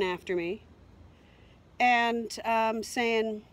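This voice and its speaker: A woman's voice: medium pitch, steady tone, takes it slowly. A middle-aged woman vlogger telling an emotional personal story, rambling and upset, with many fillers and repeats.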